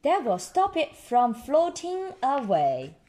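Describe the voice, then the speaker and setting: A woman's voice: sits high, huge pitch swings, takes it slowly, warm tone, pitched above the performer's own voice, full character voice. A woman voicing a cheerful father pig with a helpful idea.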